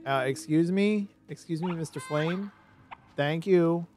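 A man streaming a game, rambling in casual commentary with sudden excited outbursts. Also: on the high side, unhurried, soft background music.

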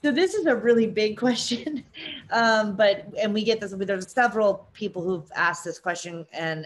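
A woman moderating a webinar Q&A over a video call, upbeat and filler-heavy. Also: mid-range voice.

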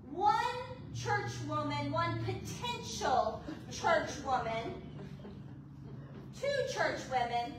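High-voiced laughing woman pastor. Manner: lively, laughing anecdote. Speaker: associate pastor. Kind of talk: sermon storytelling. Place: church fellowship hall. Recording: echoey hall, mic at a distance, audible noise.

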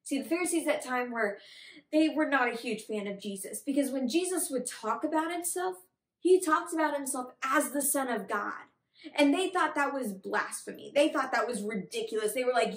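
A woman's voice: high voice, lively intonation, normal speed. A young woman, a children's pastor, telling a Bible story with bubbly enthusiasm in an online kids' service. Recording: echoey room.

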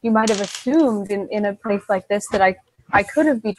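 A woman's voice: mid-range voice, fairly quick, slight background noise, natural voice, low-quality recording. Brief: woman playing frightened street-urchin girl, breathless pleas of innocence. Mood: pleading. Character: teary frightened young female street urchin.

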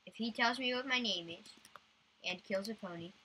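A woman's voice: mid-range voice, normal speed, pushed and bright, slightly rough, low-quality recording. A woman doing goofy let's-play commentary, bursting into sudden squeals. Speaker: gamer.

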